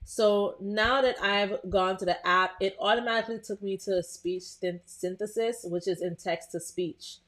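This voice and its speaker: A young adult woman hosting a live tutorial in a casual, chatty way, talking to viewers and filling pauses with um. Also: medium pitch, steady tone, a bit bright. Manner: chatty, talks to live viewers, frequent "um" and restarts.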